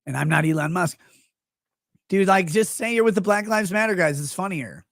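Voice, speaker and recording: A sarcastic man riffing on the news as a livestream host. He mocks the people he describes and slips into quick put-on voices for them. The sound is dry and close, with almost no room. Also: high-pitched, lively intonation, no echo. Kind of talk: casual commentary.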